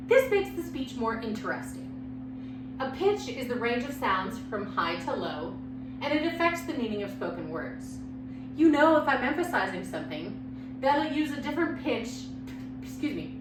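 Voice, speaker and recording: A woman lecturing on public speaking with a loud voice and lively, expressive pitch. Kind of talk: recorded lecture. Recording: echoey room, mic far off, background hum.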